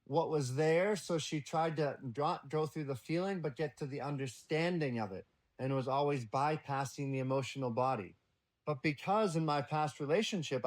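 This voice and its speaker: A man talking as a podcast guest in casual conversation, blunt and profane, telling stories with energy. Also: medium pitch. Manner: blunt and profane, lively storytelling.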